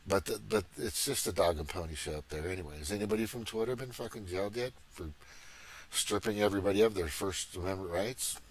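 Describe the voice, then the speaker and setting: Profane low-voiced man ranting on a livestream. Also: fast. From Missouri, USA. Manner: profane, rambling, agitated. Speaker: livestream host. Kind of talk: casual political rant.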